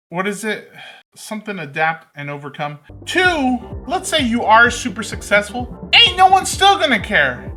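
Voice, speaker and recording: A man's voice: high voice, bright, forceful tone. A man with a lisp, joking and rambling as he reacts to a video. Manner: rambling, jokey, talks to the screen.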